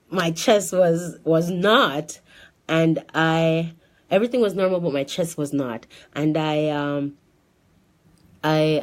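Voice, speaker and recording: A woman giving a personal testimony in a lively storytelling way, often restarting her sentences and acting out what others said. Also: low voice.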